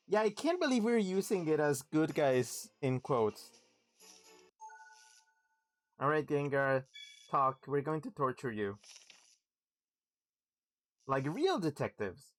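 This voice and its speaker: A man's voice: fairly high pitch, huge pitch swings, slow, long pauses, soft background music. Chatty man streaming a game. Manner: laughs, hums, reads chat messages aloud. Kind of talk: casual livestream gaming commentary.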